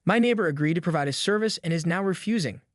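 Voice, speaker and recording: A man's voice: sits high, expressive, quick pace, no echo, studio quality. A man voicing a pushy, entitled woman neighbor who talks in a theatrical, demanding way in a storybook reading. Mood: indignant.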